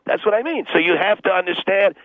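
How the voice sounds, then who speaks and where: A man's voice: high voice, quick pace, no room sound, pitched above the performer's own voice. A man voicing a blunt, bigoted male sensitivity trainer with a New York accent, defensive and insulting as he argues. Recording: dry tinny phone-like sound.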